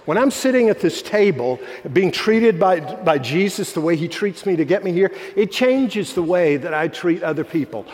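A fairly high-voiced man preaches a sermon as pastor. He tells stories earnestly and dips his voice low for the people he quotes. His words ring out with a long reverb, as in a church sanctuary. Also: animated, normal speed, hardly any pauses, a little mellow.

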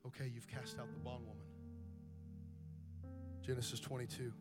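A man preaching a pentecostal sermon as pastor, moving from quiet, intense passages to shouted, soaring preaching. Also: mid-range voice, little pitch movement, moderate pace. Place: church sanctuary. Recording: live church with organ music behind. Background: music.

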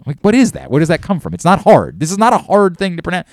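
A man's voice: sits high, huge pitch swings, fast, no room sound, studio quality. A man hosting a sports talk show, ranting animatedly about mispronounced names with mock outrage. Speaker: sports radio host.

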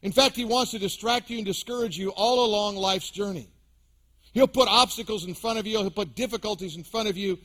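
A man's voice: high-pitched, a little fast, fairly bright tone. A man preaching a sermon as pastor to his congregation, with emphatic rises and drops. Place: church sanctuary.

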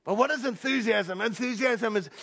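A high-pitched man preaches with a gravelly edge in his voice, building from quiet reflection into passionate shouting. He repeats words as he gathers his thoughts and laughs along with the congregation, speaking at a church service. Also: normal speed. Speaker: pastor. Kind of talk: sermon.

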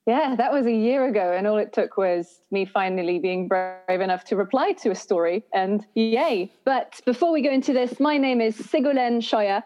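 A woman's voice: a little high, moderate pace, hardly any pauses, a little mellow, lo-fi sound. A woman voice coach answering interview questions in a reflective, flowing and earnest way. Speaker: podcast guest, voice and breath coach.

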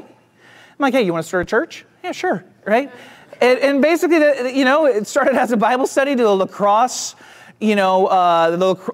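A pastor with a Southern US accent, preaching and telling a self-deprecating story to his church. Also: high voice. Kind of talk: sermon.

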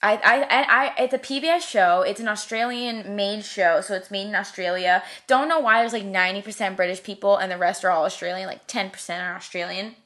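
A woman's voice: medium pitch, brisk, few pauses, fairly bright tone. Twenties woman, casual chat, gushes and rambles nonstop. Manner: gushing, rambling enthusiasm.

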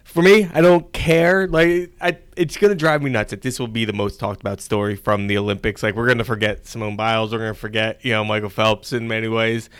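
A man's voice: fairly low pitch, flat delivery, brisk, hardly any pauses, a bit bright, clean tone, dry recording, clean studio sound. A man co-hosting a podcast in casual chat, loose and opinionated, with many fillers. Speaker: podcast co-host.

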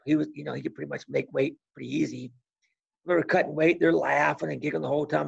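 An older man in his sixties with a deeply gravelly, husky voice recounts his wrestling days with animated energy, slipping into the voices of the people in his stories. He sits slightly high for a man, and the recording sounds dull and lo-fi. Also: fast. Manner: animated storyteller who acts out past conversations. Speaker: guest, former college wrestler. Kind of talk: casual storytelling interview.

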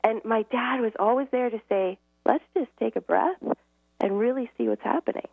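A middle-aged woman tells personal stories as a guest, voicing the people in them with earnest feeling. Her voice has a gravelly edge. The sound is thin and phone-like, with a dry, close feel. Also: fairly high pitch, moderate pace, no echo. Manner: earnest storyteller who acts out dialogue and often laughs. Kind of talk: casual interview storytelling. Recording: tinny phone-line audio, dry.

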